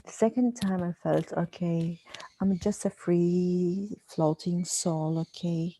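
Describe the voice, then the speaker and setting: A woman, sharing on a video call in a halting way and leaning on "okay" between phrases. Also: on the low side, steady tone, mellow, slight background noise, poor audio. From Arab world. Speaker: retreat participant. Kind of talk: casual sharing in an online group.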